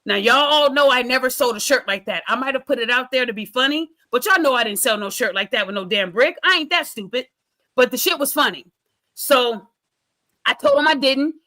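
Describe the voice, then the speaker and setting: Bright-voiced woman telling a story, swearing freely. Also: high-pitched. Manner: candid and animated, swears freely. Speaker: podcast host. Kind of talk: casual storytelling to a live audience.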